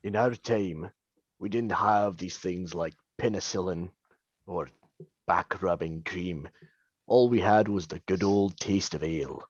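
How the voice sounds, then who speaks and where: A man doing a gruff old-timey ale pitchman. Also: unhurried, dry recording, lo-fi sound. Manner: mock radio advert delivery.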